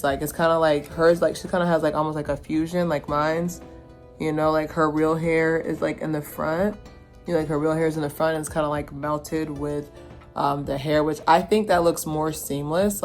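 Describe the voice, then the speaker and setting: Low-voiced woman chatting casually. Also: fairly even intonation, moderate pace, darkish tone, faint music behind. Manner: rambling, filler-heavy, frequent restarts. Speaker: show reviewer.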